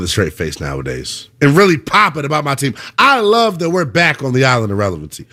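A man hosting a sports talk radio show, arguing his takes with rhetorical questions and an animated delivery. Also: mid-range voice, fast talker, hardly any pauses.

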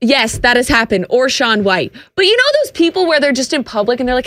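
A woman co-hosting a casual sports talk show, teasing her partner with quick reactions. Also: sits high, sing-song, a bit bright, no room sound. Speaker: co-host.

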